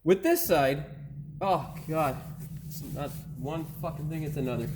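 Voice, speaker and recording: A man's voice: fairly high pitch, unhurried, a little hiss or hum. A man hosting a car repair channel, stumbling over his lines, getting frustrated and cursing in the outtakes of his video. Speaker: auto mechanic channel host.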